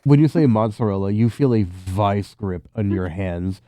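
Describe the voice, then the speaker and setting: A man running a tabletop game as game master, narrating in a relaxed, casual way. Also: fairly low pitch, moderate pace, no room sound, studio quality.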